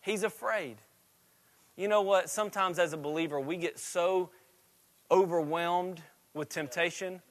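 Man, high voice, preaching a sermon, repetitive cadence, swings from hushed to loud. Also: unhurried, long pauses. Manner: swings from quiet and low to loud and rising. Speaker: pastor.

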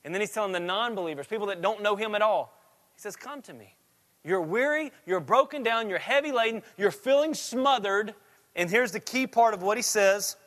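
A man preaching a sermon, with a repetitive cadence that swings from quiet and low to loud and rising. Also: animated, brisk. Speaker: pastor.

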